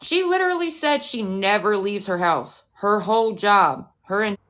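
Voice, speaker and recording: A woman's voice: mid-range voice, lively intonation, moderate pace, fairly bright tone. A woman livestreaming, ranting at a rival and her chat in a profane, confrontational way, with mocking, scornful asides.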